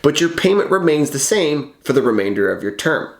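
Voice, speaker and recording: A man's voice: fairly high pitch, big pitch swings, a little fast. A man working as a mortgage broker, talking in a confident, persuasive way in a scripted explainer video. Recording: roomy echo, faint background music.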